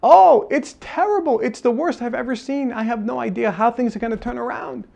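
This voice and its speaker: A man acting out a cheerful businessman who laughs while describing his losses, in a high, drawn-out voice. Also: gravelly, dark tone. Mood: amused dismay.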